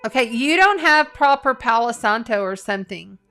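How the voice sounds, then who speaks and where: A woman's voice: on the high side, expressive, normal speed, bright, forceful tone, faint music behind. A middle-aged woman, an astrologer and tarot reader, chatting casually on a live stream, earnest and talkative with lots of fillers and restarts. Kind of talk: casual live-stream chat reading viewer comments.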